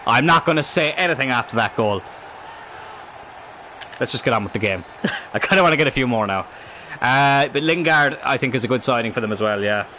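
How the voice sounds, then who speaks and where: A man commentating on his own football video game live, excitable and rambling, swearing at the game. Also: medium pitch, a little fast, pauses often, slight background noise. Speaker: game streamer.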